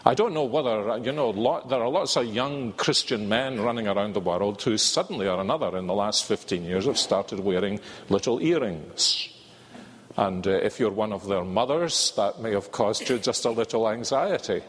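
An older man with a Scottish accent preaching a sermon in a measured, earnest way, drawing out key words. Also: fairly low pitch, slightly rough. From Scotland. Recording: reverberant hall.

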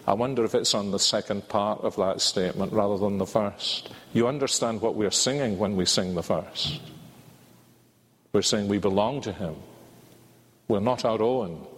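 Older Scottish preacher, slow and low. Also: male voice, a bit bright. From Scotland. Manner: measured, earnest preaching with drawn-out emphasis. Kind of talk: sermon. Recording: reverberant hall.

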